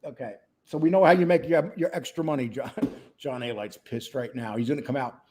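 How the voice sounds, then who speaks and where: A man's voice: mid-range voice, a little fast, mellow, a little hiss or hum. A man co-hosting a casual livestream chat, crude and rambling, joking with his partner. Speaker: co-host.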